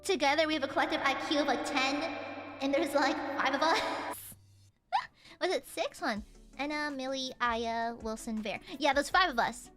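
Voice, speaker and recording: A woman streamer telling a story in casual chat, animated, laughing often and swearing casually. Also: high-pitched, normal speed, soft background music.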